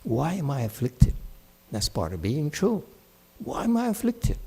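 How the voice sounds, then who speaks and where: A man's voice: fairly high pitch, huge pitch swings, unhurried, gravelly, dark tone, breathy edge. A man, a Buddhist monk, giving a dharma talk to his class in a blunt, scolding and mocking way. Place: meditation center.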